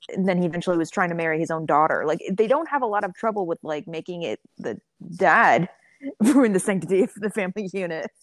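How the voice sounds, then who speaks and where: Woman co-host, lowish voice, thinks aloud casually, dry sound. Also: no echo. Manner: musing, thinks aloud with fillers. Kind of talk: casual chat.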